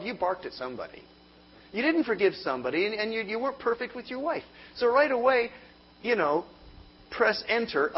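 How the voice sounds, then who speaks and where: A man's voice: sits high, dull audio, slight background noise. A man preaching a sermon, telling a comic story and acting out mock inner voices.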